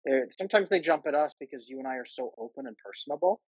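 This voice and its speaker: A man's voice: mid-range voice, expressive, fast talker, breathy edge, dry recording, rough recording. A man speaking as a guest coach on attachment in a casual interview over a livestream video call, talking earnestly with many restarts. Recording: choppy livestream audio.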